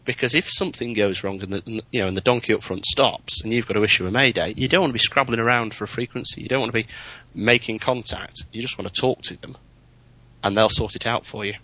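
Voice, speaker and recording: A man in casual chat about flying, chatty and anecdotal, getting animated in his stories. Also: fairly low pitch, fast talker, rough recording. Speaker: podcast co-host, private pilot.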